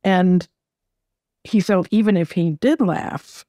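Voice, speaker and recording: Soft-spoken middle-aged woman telling her story, gentle and reflective, dead dry recording. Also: on the low side, slow, no room sound. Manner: gentle, reflective, repeats words as she gathers thoughts. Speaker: interview guest. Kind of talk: heartfelt personal storytelling.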